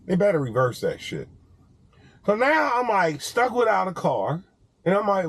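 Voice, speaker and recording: A man's voice: sits high, measured pace, pauses often. A man talking casually to camera in a vlog, telling stories with lots of swearing and laughter. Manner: animated storytelling, profane, laughs often. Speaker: vlogger.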